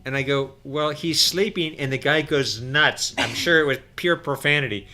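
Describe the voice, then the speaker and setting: A middle-aged man, a podcast guest, telling an animated, profane story. He acts out every quote and swings from hushed to loud. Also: mid-range voice, normal speed. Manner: profane, excitable.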